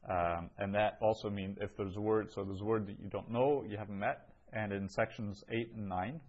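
A man's voice: lowish voice, lo-fi sound. A man teaching a Greek class, explaining step by step with frequent ums. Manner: patient, explanatory, with many ums. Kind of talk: classroom lesson.

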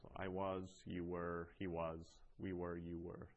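Low-voiced man teaching a class. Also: completely flat delivery, narrow, tinny audio. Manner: explanatory, pauses and restarts, reads Greek aloud. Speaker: Greek teacher. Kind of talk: classroom lecture.

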